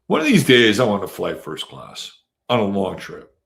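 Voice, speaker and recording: A man's voice: fairly low pitch, huge pitch swings, moderate pace, vocal fry. A man hosting a casual live astrology stream, reading out viewers' names and chatting in a rambling way full of fillers. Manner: rambling and chatty, with many fillers and sudden jumps in loudness. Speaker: astrology show host.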